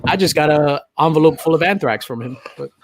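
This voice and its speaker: A man's voice: fairly high pitch, animated, fairly quick, crowd noise. A man hosting a casual live stream, chatting animatedly, laughing and reading out viewer comments. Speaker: host of a live stream show.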